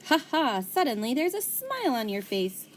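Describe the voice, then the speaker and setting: A woman's voice: sits high, huge pitch swings, moderate pace, pitched above the performer's own voice. A woman voicing a cheerful man, a school janitor, in a children's storybook, talking in a hearty, boisterous way. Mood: jolly. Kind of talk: storybook character reading.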